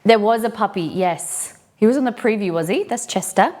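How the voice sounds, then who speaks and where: Chatty woman, live cooking stream host, middle pitch, casual chat. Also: expressive, moderate pace, a little mellow. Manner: chatty, greets chat viewers by name.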